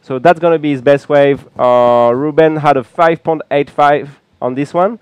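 A man with a French accent giving relaxed, chatty live commentary from a small booth at a beach event, with frequent fillers. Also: on the high side, normal speed, smooth, no echo, dull audio. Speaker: color commentator.

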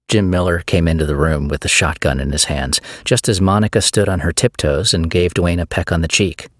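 Male audiobook narrator, very deep voice, dry close recording, measured read. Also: fairly bright tone, no echo.

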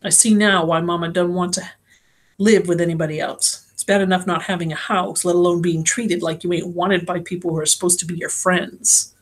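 A woman's voice: on the low side, little pitch movement, a little fast. A woman reading an audiobook in the first person, telling the story in a plain, slangy girl's voice. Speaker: audiobook reader.

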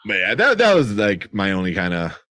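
A man's voice: fairly low pitch, wildly swooping pitch, a little fast, fairly bright tone, a little hiss or hum. Rambling, laughing man in casual chat. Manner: rambling, swears freely, laughs often, many fillers. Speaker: podcast co-host reviewing a movie.

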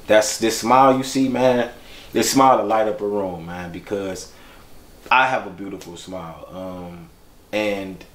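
Guy talking about his kid in a documentary interview, low-ish voice, casual slang, heartfelt, kinda echoey room. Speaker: bereaved father recalling his son. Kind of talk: documentary interview, personal storytelling.

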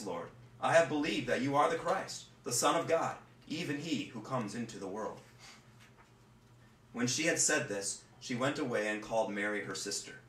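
A man who is a pastor, reading scripture and preaching at home in an earnest, halting way that repeats words. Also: mid-range voice, a bit bright, distant mic. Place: home room. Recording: roomy echo, voice from off-mic, faint room noise.

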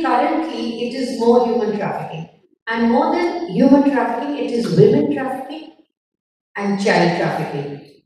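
A woman's voice: fairly high pitch, mellow, slight background noise. A middle-aged woman author, talking bluntly and emphatically as a guest at a festival conversation, acting out the people she quotes. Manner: emphatic, blunt storyteller who acts out quotes. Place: festival hall. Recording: echoey hall, voice from far off.

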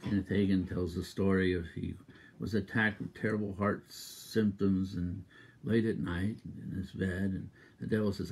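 A man preaching a sermon as a minister, exuberant and emphatic, repeating exhortations and breaking into loud rhythmic laughter. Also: deep voice, fairly even intonation, normal speed, husky.

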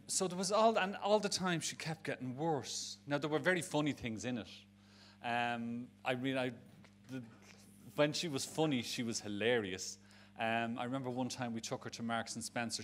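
A man's voice: mid-range voice, fairly bright tone, a little hiss or hum. A middle-aged man with a Dublin Irish accent, giving a frank, emotional personal talk to an audience on stage, rambling and restarting his sentences. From Ireland. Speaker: speaker at a charity event. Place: live event on stage.

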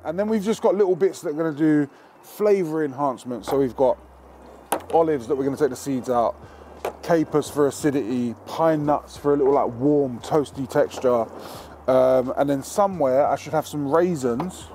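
A man runs a cooking demonstration in a loose, cheeky, foul-mouthed way, speaking straight to camera at a medium pitch. He is outdoors by a barbecue, with faint traffic and ambience behind him. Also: warm tone. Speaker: cooking show host.

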